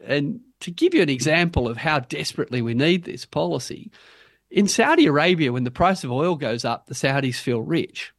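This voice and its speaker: A man with an Australian accent, speaking as an interview guest in an animated, emphatic way and building his point with punchy rhetorical lines. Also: a little high, normal speed, dry recording, clean studio sound. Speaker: guest policy advocate. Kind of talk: interview, arguing for a policy.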